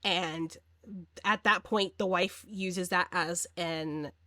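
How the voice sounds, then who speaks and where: A woman reviewing a horror movie in a casual recap, chatty and animated, full of fillers and acted-out quotes. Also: lowish voice, slow, no echo, studio quality.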